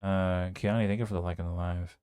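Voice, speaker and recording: A man's voice: deep voice, level tone, brisk, mellow, clear, resonant tone, no echo, studio quality. A young man streaming a horror game, chatting to himself and his viewers in a casual, rambling way with a sore throat. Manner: chatty, self-talking, many fillers. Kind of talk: casual live-stream commentary.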